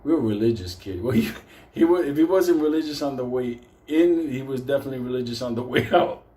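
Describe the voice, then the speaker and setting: A man's voice: mid-range voice, fairly quick, dark tone. A man telling a casual anecdote, swearing constantly, breaking into laughter and acting out the people in his story.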